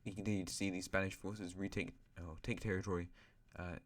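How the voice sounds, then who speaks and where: A man's voice: low-pitched, level tone, fairly quick, slight background noise. A male host casually narrating an alternate-history map, rambling with asides and correcting himself.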